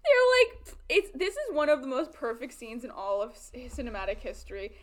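A woman co-hosting a podcast who tells film scenes in a lively, animated way in casual chat. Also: sits high, fairly quick. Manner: animated storytelling, acting out film dialogue. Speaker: podcast co-host.

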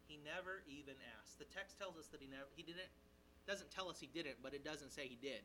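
A male pastor preaching an expository sermon in a conversational, animated way, checking in with his listeners and briefly acting out the characters' lines. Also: fairly high pitch, background noise. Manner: animated, voices the characters' lines in quick asides. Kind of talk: sermon, expository Bible teaching.

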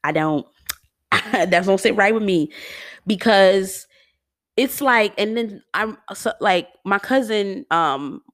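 A woman talking casually and animatedly in a solo monologue, slangy and quick to laugh, with features. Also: mid-range voice, no echo, clean studio sound.

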